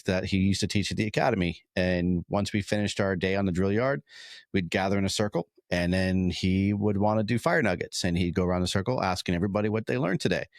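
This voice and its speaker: A man's voice: sits low, no room sound, clean studio sound. A man hosting a casual podcast interview, easygoing and friendly in tone, talking shop about teaching firefighters. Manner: relaxed, easygoing, says "dude" and "man". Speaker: podcast host and fire service instructor.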